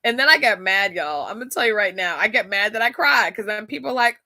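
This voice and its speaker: A woman's voice: medium pitch, animated, fast talker, sharp tone, no room sound, clean studio sound. A woman hosting a casual faith-based talk, chatty and laughing often as she speaks straight to her listeners. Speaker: podcast host.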